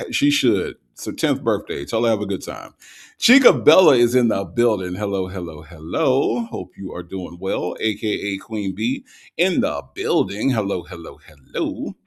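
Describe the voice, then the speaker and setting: A man hosting a livestream, reading out viewer comments and greeting each viewer in a relaxed, casual way with lots of ums, a little tired from the night before. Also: lowish voice, normal speed, creaky. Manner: relaxed, greets viewers with repeated hellos, frequent ums and uhs.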